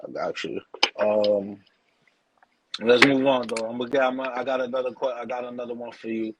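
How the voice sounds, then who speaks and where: A man's voice: mid-range voice, fairly even intonation, a little fast, muffled recording, heavy background noise. Laid-back slang-talking man host. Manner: loose slang-heavy talk, calls listener bro. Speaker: podcast host. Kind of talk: casual chat.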